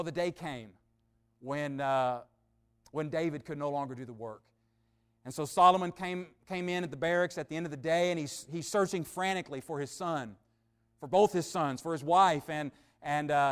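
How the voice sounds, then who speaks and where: A male preacher delivering a sermon, telling a story with dramatic pauses and a voice that swells louder and drops quieter. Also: sits high, clean tone.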